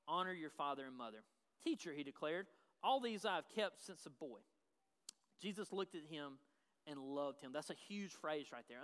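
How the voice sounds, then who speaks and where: Man, pastor, sermon, high voice, long hall reverb. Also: pushed and bright. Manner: emphatic, repeats key phrases. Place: church sanctuary.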